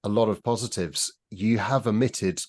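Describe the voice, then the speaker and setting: A man with a fairly low voice talks casually on a podcast panel. He gives his views in a dry, wry way, with a critical edge. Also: fairly even intonation, normal speed, a little mellow. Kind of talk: casual chat.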